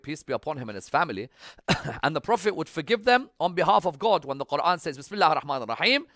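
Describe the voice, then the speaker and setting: A male preacher with a fairly high, very lively voice that rises into loud emphatic appeals and drops into hushed storytelling. He delivers a religious sermon. The sound is dry and close, with no room echo.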